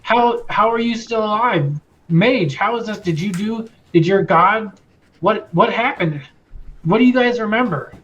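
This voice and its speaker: A man voicing a nervous, flustered male town guard who stammers and gets excitable. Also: high voice, moderate pace. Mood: alarmed. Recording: lo-fi with faint music.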